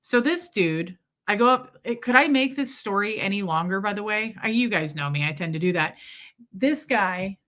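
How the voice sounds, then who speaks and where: Woman rambling away on her livestream at home, bright clear voice, chats to viewers and her pets. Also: medium pitch, animated, normal speed. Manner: rambling, chatty storytelling with asides to viewers and pets. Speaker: livestream host. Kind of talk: casual livestream chat.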